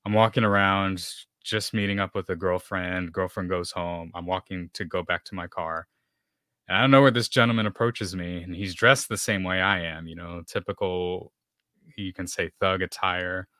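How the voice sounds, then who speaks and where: Low-voiced man telling his story. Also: steady tone, normal speed, sharp tone, no room sound, clean studio sound. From Texas. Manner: storytelling with many fillers, acts out dialogue. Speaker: podcast guest. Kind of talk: personal testimony in conversation.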